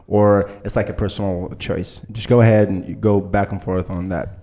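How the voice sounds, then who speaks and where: A man running a podcast who throws questions to his two guests. He sets up each topic in a prompting, questioning way. His voice sits a little low. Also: steady tone, normal speed, warm tone, a little hiss or hum. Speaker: podcast moderator. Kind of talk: asking interview questions.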